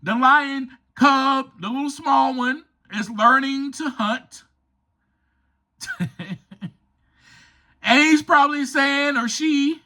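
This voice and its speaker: A man's voice: very high voice, slow pace, pauses often, pushed and bright. Enthusiastic man hosting a motivational podcast. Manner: emphatic, enthusiastic, addresses listeners as friends. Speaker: podcast host and author.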